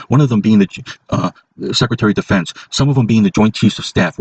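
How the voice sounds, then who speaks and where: A man's voice: lowish voice, slight background noise, low-quality recording. A man hosting a casual monologue podcast, talking emphatically and repeating points for stress. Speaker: podcast host.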